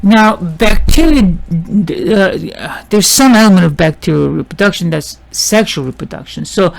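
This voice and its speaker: A man's voice: sits high, creaky. A man teaching biology in a casual lecture, often restarting sentences, asking himself questions and checking in with his listeners. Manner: halting, with many restarts and rhetorical questions; checks in with "see?" and "right?". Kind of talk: informal classroom lecture.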